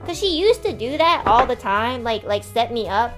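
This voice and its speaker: A woman in her twenties telling a story on a live stream, animated and exasperated, swearing freely. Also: fairly high pitch, moderate pace, over music. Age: 20s.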